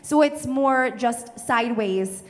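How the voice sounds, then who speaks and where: Breathy transatlantic-accented woman on stage. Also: slow pace. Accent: cartoonish transatlantic stage accent. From Canada. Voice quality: breathy, low in the mouth, chest voice. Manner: animated explaining, many filler "like"s. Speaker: comedian in character. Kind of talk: stage Q&A with audience. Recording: reverberant theater hall.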